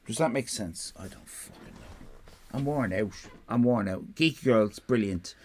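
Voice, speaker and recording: An Irish woman co-hosting a live stream in casual, sweary chat that rambles and bursts into loud laughter. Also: rumbling low, animated, unhurried, a little hiss or hum. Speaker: stream co-host.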